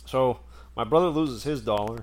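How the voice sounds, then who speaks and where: A man's voice: medium pitch, normal speed. A man telling a story in casual chat, rambling and laughing as he goes.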